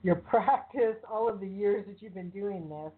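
A woman in a casual conversation, speaking supportively and pausing to search for words. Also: medium pitch. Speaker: interviewer, co-host. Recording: narrow phone-like sound.

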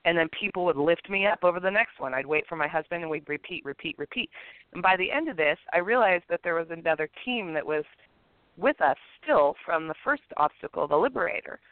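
A woman co-hosting a podcast, telling a personal story in a casual, animated way and acting out the people in it. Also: fairly low pitch, a little fast, no room sound. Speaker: podcast co-host. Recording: tinny phone-line sound.

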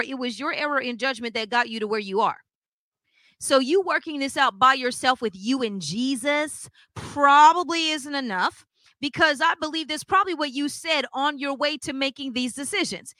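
A woman teaches in an emphatic preaching style, her voice sitting high and ringing bright. She fires pointed questions at her listeners. The recording is close and dry. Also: no echo. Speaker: co-host of a church broadcast.

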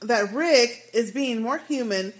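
A woman with a high voice co-hosts a relaxed fan podcast. She reads listener emails aloud and breaks in with animated comments of her own. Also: slow pace. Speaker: podcast co-host. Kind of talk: casual chat, reading listener emails.

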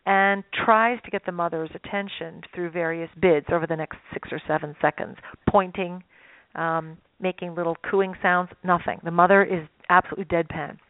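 Woman on a tinny phone line, dry sound, lively storyteller explaining stuff. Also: lowish voice, moderate pace, no room sound. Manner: animated storyteller, acts out voices. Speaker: guest expert. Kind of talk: radio interview.

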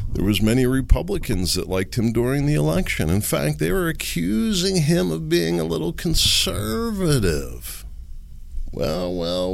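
A man's voice: low voice, creaky, fairly bright tone, no echo. A man hosting a political commentary podcast, talking alone with sarcastic, rhetorical questions to his listeners. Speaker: podcast host.

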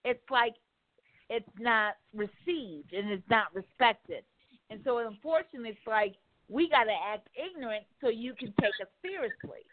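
A woman radio talk host speaking in a casual, animated, emphatic way, often cursing and acting out quotes. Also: fairly high pitch, moderate pace, no echo. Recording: tinny phone-like line, dry.

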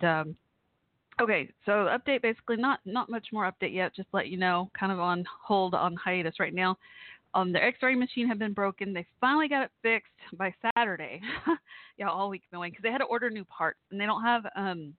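A woman's voice: mid-range voice, lively intonation, brisk, dry recording. Woman host on a tinny phone line. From Texas. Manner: rambling, chatty, laughs often. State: worried, holding back tears. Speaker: call-in show host. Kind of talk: casual chat.

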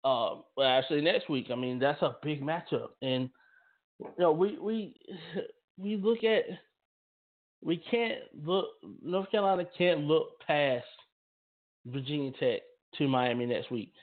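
A man's voice: a little high, unhurried. A man hosting a football talk radio show, speaking emphatically and often repeating and restarting his phrases. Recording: tinny phone-line audio.

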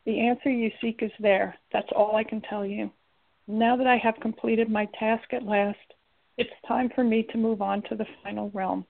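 An ancient giant guardian speaks calmly and in measured phrases, as a woman puts him on. There is gravel in the voice. The sound is thin and phone-like. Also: on the high side. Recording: tinny lo-fi recording.

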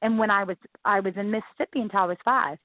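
A woman's voice: mid-range voice, quick pace, dry recording. A woman guest from the American South telling her own life story in an interview, earnest and emphatic, often repeating herself. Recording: tinny phone-like line.

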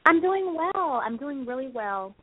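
A woman's voice: high voice, sing-song, a little slow, a crowd in the background. A young woman from California calling in to a radio show, earnest and a little hesitant. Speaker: caller. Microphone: phone. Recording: dry phone-line sound.

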